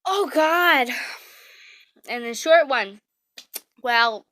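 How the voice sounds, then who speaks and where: A woman reading fan fiction aloud and reacting emotionally, in halting, gushing speech. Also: high voice, very animated, bright, forceful tone.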